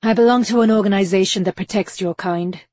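A woman voicing a stern, urgent Victorian gentleman who talks in terse commands. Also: mid-range voice, quick pace, no echo, close to an everyday voice. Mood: commanding.

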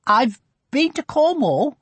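A man voicing a timid, nervous young girl in an audiobook, with a husky edge. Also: extremely high pitch, very animated, slow pace, fairly bright tone, dry recording, voice pushed up, heavily acted. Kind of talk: audiobook character reading.

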